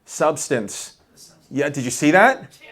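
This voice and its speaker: A man's voice: a little high, big pitch swings, takes it slowly, fairly bright tone. A male stand-up comedian doing rambling, self-mocking crowd work on a club stage. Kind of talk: stand-up set. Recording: audience laughter throughout.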